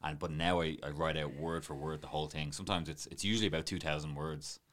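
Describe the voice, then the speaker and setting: A man's voice: extremely low pitch, steady tone, fast talker, fairly bright tone. A man, a martial arts teacher chatting on a podcast in a rambling, self-deprecating way. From Ireland. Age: late 20s. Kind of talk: casual podcast chat.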